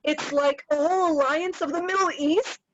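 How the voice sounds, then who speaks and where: A woman teaching a casual Torah lesson, chatty and lively, tossing in Hebrew terms and quick asides. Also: high-pitched, dull audio, a little hiss or hum. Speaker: Bible teacher.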